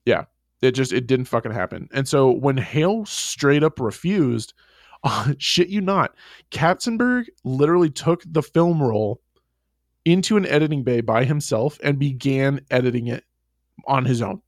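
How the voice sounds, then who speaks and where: A man's voice: mid-range voice, unhurried, dry recording. Man telling a story, dry close sound. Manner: animated storytelling, swearing, frequent laughs. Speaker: podcast co-host. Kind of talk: casual chat.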